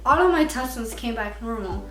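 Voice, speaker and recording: Young woman, candid vlog storytelling, tearful at times, slightly high voice, roomy echo. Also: expressive, normal speed. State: crying at times. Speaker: vlogger. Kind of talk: personal storytelling to camera. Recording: echoey room, far from mic, faint music.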